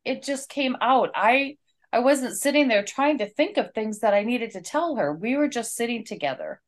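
A woman's voice: on the high side, animated, moderate pace. A woman co-hosting a casual talk, retelling a story in an earnest, heartfelt way.

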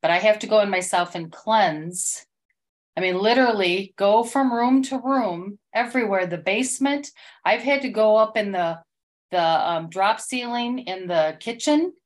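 A woman's voice: mid-range voice, unhurried. A middle-aged woman sharing a personal church experience in casual spoken testimony, rambling and emotional, with many restarts.

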